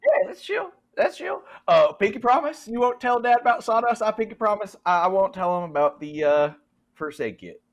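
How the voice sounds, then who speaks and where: A man's voice: sits high, lively intonation, moderate pace, pitched above the performer's own voice. A man voicing an eager, chatty young Southern man who runs a workshop, with a folksy drawl. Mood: playful. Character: cheerful young Southern man, shop worker.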